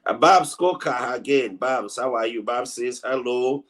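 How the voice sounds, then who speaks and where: A man's voice: medium pitch, a little slow, a bit bright. A man with a Ghanaian accent hosting a live online news show, chatting and greeting viewers by name. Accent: Ghanaian English.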